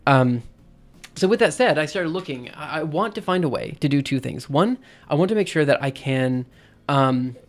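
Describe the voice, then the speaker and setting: A man's voice: on the high side, expressive, normal speed. A man streaming, casually explaining things as he thinks aloud, hesitant and full of restarts. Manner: hesitant, many fillers and restarts while explaining.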